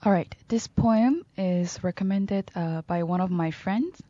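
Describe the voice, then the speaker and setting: A woman co-hosting a radio talk show, reading a short poem carefully and slowly. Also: mid-range voice, dark tone, no room sound, lo-fi sound.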